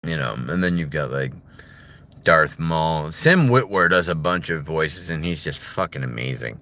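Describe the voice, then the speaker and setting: A man rambles casually in a parked car, his low, gravelly voice bright and edgy. His pitch jumps around a lot as he talks. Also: animated, moderate pace. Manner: rambling, full of fillers. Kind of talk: casual talk about doing voices.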